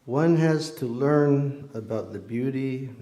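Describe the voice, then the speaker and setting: During a festival in a temple hall, a man gives an informal devotional talk with storytelling, his voice medium-pitched, slow and dark. He speaks earnestly and conversationally with ordinary fillers, and the hall is echoey.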